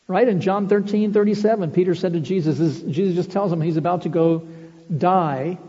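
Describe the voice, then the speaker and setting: Husky, dark-voiced male preacher. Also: high voice, fairly quick. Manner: emphatic, rhetorical questions, quotes scripture. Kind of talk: sermon. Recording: dull reverberant hall recording.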